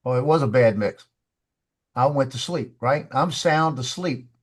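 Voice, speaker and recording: A man's voice: medium pitch, a little slow. Rambling man telling a story. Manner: animated storyteller, acts out the voices of people in his story; rambling, repeats words as he restarts. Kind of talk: casual studio chat. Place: studio.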